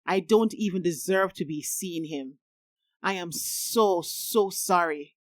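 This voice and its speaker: A remorseful young father, earnest and apologetic, as a woman reads him aloud. The voice sits low and sounds close and dry, in a plain audiobook reading. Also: slow pace, dry recording. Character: remorseful young man, tender new father.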